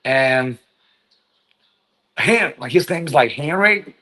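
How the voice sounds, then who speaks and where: With a mid-range voice that sounds animated, pushed and bright, a Chinese vlogger rambles slowly in English, his second language. His casual monologue is loaded with fillers and swearing, and the audio is poor.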